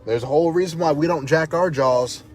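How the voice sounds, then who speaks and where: A man's voice: a little high, brisk, darkish tone, soft background music. A man speaking as a protest activist, fiery and defiant, hammering points home through repetition. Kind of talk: impassioned direct-to-camera talk.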